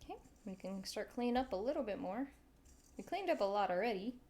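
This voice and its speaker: A woman's voice: mid-range voice, very animated, a little fast, echoey room, heavy background noise. A woman chatting casually with her stream while baking in a home kitchen, giggly and talkative. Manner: chatty, giggly, talks to chat.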